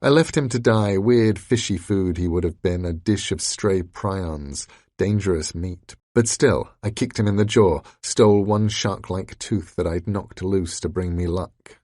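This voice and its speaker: A man reading an audiobook in sardonic first-person narration with a gravelly voice. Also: low voice, a little slow, hardly any pauses, dry recording, studio quality. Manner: dark, sardonic storytelling.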